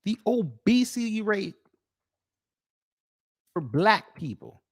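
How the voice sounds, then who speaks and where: A man's voice: sits high, very animated, slow, no room sound, clean studio sound. A man from the United States giving a reaction commentary, incredulous and mocking as he talks. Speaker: YouTube commentator.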